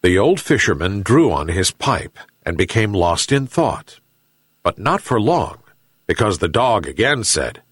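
A man narrating a folk tale as a slow, lively storybook reading. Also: on the low side, husky, no room sound, studio quality.

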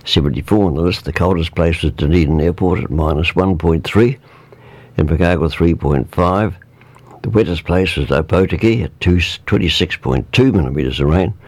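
Male radio weather presenter, New Zealand accent, deep voice, laid-back read, dry studio sound. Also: normal speed, dry recording. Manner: relaxed, informal, with fillers and asides. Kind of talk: reading a weather report.

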